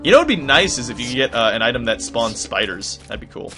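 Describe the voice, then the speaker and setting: A young man giving casual gameplay commentary, rambling off-topic and swearing, with sudden loud outbursts. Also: mid-range voice, sing-song, quick pace, faint music behind.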